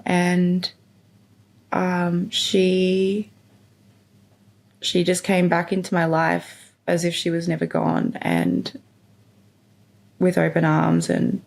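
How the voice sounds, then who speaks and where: A woman's voice: on the low side, darkish tone. A young woman podcast host candidly telling her life story in a rambling, open way, full of fillers. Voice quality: gravelly. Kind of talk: personal storytelling monologue.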